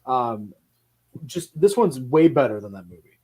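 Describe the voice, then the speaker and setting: An animated man chatting casually on a film podcast. He tells stories with energy and swears freely. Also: medium pitch, unhurried, slightly rough. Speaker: podcast co-host. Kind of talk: casual chat.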